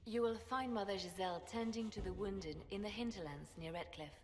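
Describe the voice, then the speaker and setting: A woman's voice: mid-range voice, brisk, close to an everyday voice. An actress playing a stern, blunt female warrior-advisor who speaks curtly and seriously. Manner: curt, serious. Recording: reverberant game audio, faint ambience.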